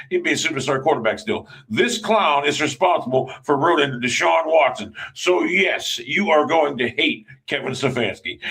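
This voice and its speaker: Blunt, profane football ranter. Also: male voice, on the high side, fairly bright tone, rough recording. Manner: blunt, profane, repeats himself, talks straight to fans. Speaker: football commentator. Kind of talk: casual sports rant.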